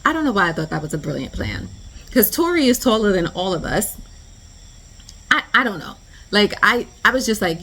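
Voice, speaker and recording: A woman vlogger tells a storytime in a chatty, animated way, her voice at a middle pitch for a woman. She talks in slang, drops "like" everywhere, and turns to the viewer with asides. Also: a little fast, a little hiss or hum. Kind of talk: storytime vlog.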